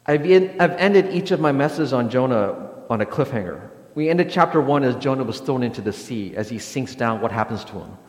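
A man's voice: medium pitch, lively intonation, brisk, hardly any pauses, echoey room, in a large hall. A man preaching a sermon as pastor, speaking hesitantly with frequent restarts and fillers, recorded in a church sanctuary.

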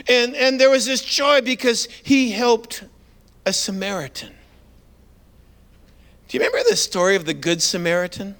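A man preaching as a guest pastor, telling Bible stories in an animated way and acting out the characters. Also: high-pitched, moderate pace. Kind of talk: sermon.

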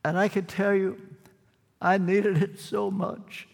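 An older man preaching a sermon, earnest and dramatic, with repetition and long pauses. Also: high voice, little pitch movement, gravelly. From United States. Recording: long hall reverb.

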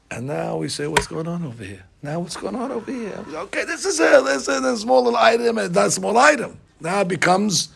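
A man, a rabbi, giving a storytelling sermon that swings between hushed and loud. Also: on the high side, vocal fry, slightly rough. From United States.

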